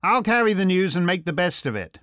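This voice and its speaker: Dude doing a jittery young noble in an audiobook, high-pitched, fretful. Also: male voice, big pitch swings, brisk, a bit bright, no echo, clean studio sound. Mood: helpless. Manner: anxious, bewildered. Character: anxious young nobleman, helpless then eager. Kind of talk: audiobook character reading.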